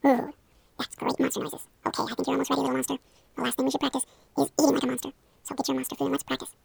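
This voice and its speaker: A woman's voice: sits high, completely flat delivery, rapid-fire, gravelly, a little mellow, no echo. A young woman leading a playful hypnosis role-play, coaxing and encouraging the listener. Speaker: hypnosis guide.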